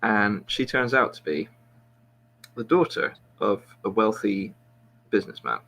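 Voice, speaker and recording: A man's voice: on the low side, animated, a little slow, vocal fry, a bit bright, slight background noise, low-quality recording. A man, a podcast host, telling a long, rambling joke with plenty of restarts and jokes at his own expense. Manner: rambling, self-mocking storyteller with frequent restarts. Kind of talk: casual joke telling among friends.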